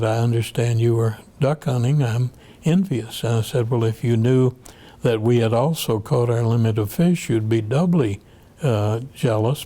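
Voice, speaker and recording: Older male judge for an oral history, unhurried and pausing often, dark mellow tone. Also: medium pitch. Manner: measured, halting storytelling with frequent pauses. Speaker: federal appeals judge.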